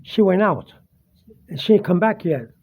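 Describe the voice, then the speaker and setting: A man sitting at his dining table, earnestly recounting a personal ghost encounter with halting fillers and restarts. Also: high-pitched, animated, a little mellow. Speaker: vlogger. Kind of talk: casual first-person storytelling. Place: home dining room, seated at a table. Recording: dull lo-fi home recording.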